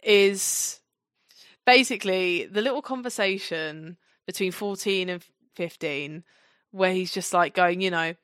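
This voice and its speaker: A woman co-hosting a podcast, chatting casually in a gushing, excitable way and sometimes reading from her notes. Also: on the low side, moderate pace, no room sound, clean studio sound. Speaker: podcast co-host. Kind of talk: casual fan chat.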